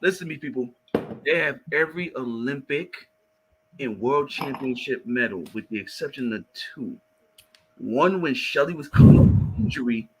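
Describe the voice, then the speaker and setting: A man co-hosting a track talk show, calmly going through medal counts before pushing his point harder. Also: medium pitch, a little hiss or hum, low-quality recording. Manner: measured, reciting stats, building to emphasis. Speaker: co-host called coach. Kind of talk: sports talk.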